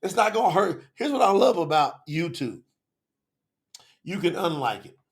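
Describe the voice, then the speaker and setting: A man's voice: high voice, very animated, moderate pace, gravelly. A man hosting a live online telethon, talking passionately and casually straight to his viewers. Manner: passionate, addresses viewers directly in casual slang. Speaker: livestream host. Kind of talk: casual livestream talk.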